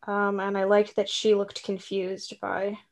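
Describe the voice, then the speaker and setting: A woman's voice: mid-range voice, monotone, measured pace, a crowd in the background. Chatty playful woman co-host. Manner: chatty, playful, many likes and restarts. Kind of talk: casual chat reviewing a movie.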